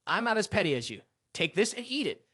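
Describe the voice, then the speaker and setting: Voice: medium pitch, big pitch swings, fast talker, a bit bright, dry recording, clean studio sound. A narrator voicing a cheeky, scheming young male detective who talks in a teasing, wheedling way.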